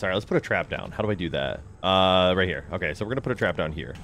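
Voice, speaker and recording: A man giving casual, jokey commentary while playing a horror game, getting excited and shouting at teammates. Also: low-pitched, racing. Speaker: gamer.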